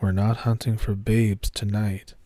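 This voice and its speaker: A man voicing a sly, menacing inhuman male creature of the woods, speaking slowly and deliberately in a rough, raspy voice. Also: on the low side, flat delivery, mellow, no echo. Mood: mocking.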